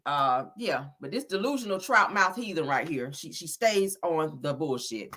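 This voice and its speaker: Sassy woman dishing gossip, bright voice, big swings up and down. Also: low voice, lively intonation, normal speed, few pauses. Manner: sassy, mocking and exasperated. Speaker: host. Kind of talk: gossip commentary.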